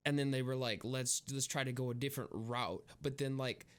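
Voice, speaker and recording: A man's voice: mid-range voice, fairly even intonation, fairly quick, clean tone. A young man co-hosting a casual podcast, rambling with lots of fillers and frequent laughter. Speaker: podcast co-host. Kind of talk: casual chat.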